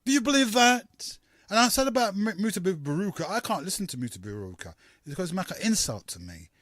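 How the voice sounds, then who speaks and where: A man from hosting a call-in radio talk show, rambling and halting with many fillers. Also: high-pitched, very animated, a bit bright, dry recording, clean studio sound.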